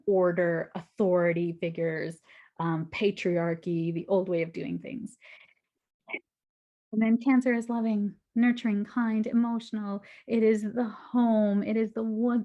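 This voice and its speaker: A woman's voice: medium pitch, dark tone, dull audio. A woman giving a casual weekly astrology forecast, chatty and reassuring, often laughing as she talks.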